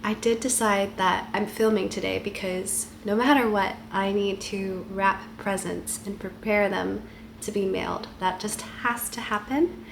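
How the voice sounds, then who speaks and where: A woman with a head cold and a stuffy voice, chatting softly and casually to camera at home. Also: mid-range voice, gravelly, noisy background. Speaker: vlogger.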